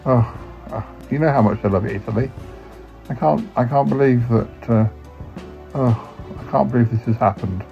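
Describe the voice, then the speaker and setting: A podcast host playing himself in a comedy sketch, fretful and stammering as he talks. His voice sits at an average pitch, and the recording is dull and lo-fi with faint music behind it. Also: normal speed, creaky.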